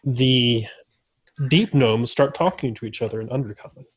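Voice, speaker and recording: A man narrates as game master for a tabletop game on a livestream. He talks casually and rambles, laughing often, and his voice sits at a middle pitch. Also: moderate pace, breathy edge.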